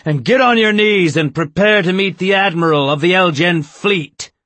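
A man doing a shouting hot-headed mutineer. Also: high voice, moderate pace, no echo, pitched above the performer's own voice.

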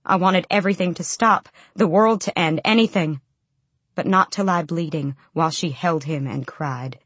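Woman reading a novel in first person, lowish quiet voice, dry close mic. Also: moderate pace, breathy edge, no echo. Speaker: audiobook narrator. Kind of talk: first-person audiobook narration.

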